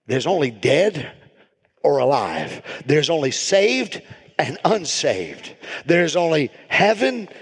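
A man preaching a sermon as pastor, building to shouted, repeated emphasis. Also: a little high, sing-song, slow, breathy edge. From United States. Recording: reverberant hall.

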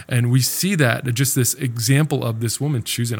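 A man's voice: steady tone, normal speed, slightly rough. Conversational man preaching a sermon. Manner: conversational, tags sentences with "right?"; acts out quoted voices in a higher pitch. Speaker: pastor.

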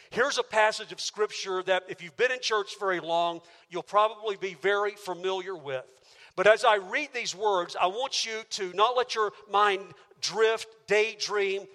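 High bright-voiced preacher in a reverberant hall. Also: male voice. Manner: emphatic, builds with rhetorical questions. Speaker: pastor. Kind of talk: sermon. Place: church auditorium.

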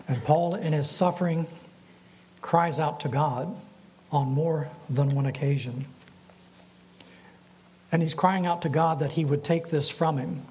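A man, a pastor, preaching a sermon in a measured way and putting rhetorical questions to his congregation. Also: on the high side, darkish tone, a little hiss or hum, poor audio.

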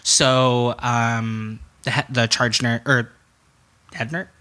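A man's voice: medium pitch, steady tone, slow pace, sharp tone. A young man telling a personal story as a podcast guest, speaking frankly, swearing freely and acting out what other people said. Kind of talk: candid conversational storytelling.

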